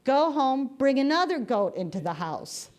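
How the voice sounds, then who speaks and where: A woman voicing a male rabbi who gives plain, calm instructions. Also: high voice, moderate pace, pitched above the performer's own voice. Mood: instructing.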